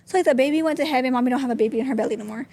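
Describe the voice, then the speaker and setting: Young woman guest on a podcast, pretty high voice, super open, says like a lot. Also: racing, warm tone. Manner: open, talks with frequent "like" fillers. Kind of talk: candid personal storytelling.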